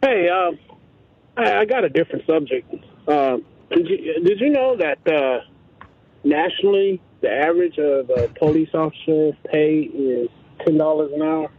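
An earnest male radio caller who hesitates and fills his pauses with fillers. His voice is fairly high and husky. It sounds tinny and dry over the phone line. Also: animated. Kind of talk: call-in radio talk.

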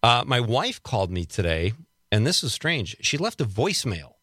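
A male radio host with a bright, forceful voice, talking casually and cracking jokes. His voice is recorded close and dry, with no room sound around it. He laughs often as he riffs on small complaints. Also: mid-range voice, very animated, moderate pace, breathy edge, dry recording. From Wisconsin. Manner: chatty, joking, laughs often. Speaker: radio talk show host.

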